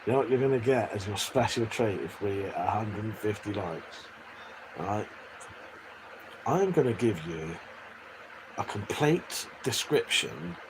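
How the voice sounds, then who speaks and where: English man, live streamer, low voice, rambling crude chat, faint background noise. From England. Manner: crude, rambling, laughs often while reading chat.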